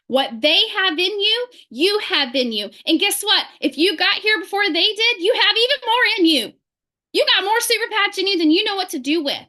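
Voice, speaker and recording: A woman leading her sales team on a video call, giving a fervent motivational talk full of rapid rhetorical questions. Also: very high-pitched, animated, pushed and bright.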